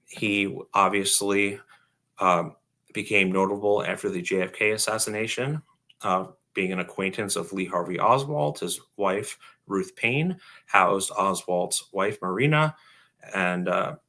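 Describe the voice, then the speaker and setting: A man with a bright, forceful, fairly low voice co-hosts a casual podcast. He reads aloud from a book and stops often for ums, uhs and restarts. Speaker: podcast co-host. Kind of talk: casual podcast reading and discussion.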